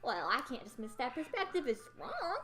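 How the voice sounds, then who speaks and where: A woman's voice: high-pitched, wildly swooping pitch, normal speed, crowd noise. A woman voicing a sly, riddling cat-eared teen boy who teases and dodges questions in a game reading. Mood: sly teasing. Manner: teasing, evasive, singsong.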